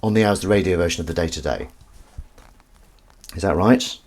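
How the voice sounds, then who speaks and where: A man's voice: low-pitched, fairly quick, darkish tone. A man and actor chatting casually on a live stream while washing up, reading chat aloud and swearing now and then. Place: kitchen sink. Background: running tap water and dish clatter.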